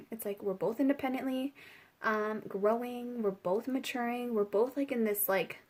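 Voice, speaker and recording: A woman's voice: a little high, moderate pace. A woman giving a casual spiritual tarot reading, chatty and giggly, with many fillers. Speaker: tarot reader.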